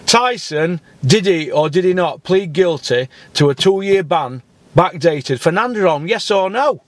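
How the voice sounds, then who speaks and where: A man's voice: high voice, animated, a little slow, no echo. A man hosting a channel, arguing heatedly, badgering and swearing, repeating "listen, mate". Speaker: channel host. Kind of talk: heated phone argument.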